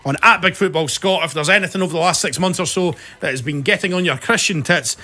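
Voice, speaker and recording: A man's voice: high-pitched, quick pace, pushed and bright. A Scottish man hosting a football podcast, teasing his co-host and running the segments in casual banter. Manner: teasing, wry, runs the segments.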